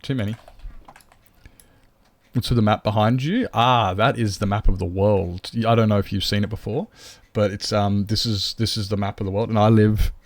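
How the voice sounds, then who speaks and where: A man's voice: fairly low pitch, steady tone, moderate pace. A man streaming a game live, chatting loosely with viewers and rambling to himself. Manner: rambling, chatty, greets viewers, talks to his cat. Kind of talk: casual live-stream chat.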